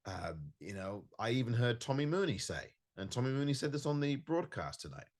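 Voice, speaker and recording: A man's voice: mid-range voice, sing-song, a little fast. A man hosting a solo football podcast, reviewing a match in an emphatic, frustrated way and repeating himself for stress. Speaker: podcast host. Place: home recording in California.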